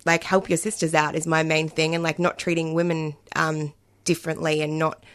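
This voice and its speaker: A woman's voice: deep voice, level tone, brisk, a bit bright. A woman panel guest who answers hesitantly, full of fillers. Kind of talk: casual discussion.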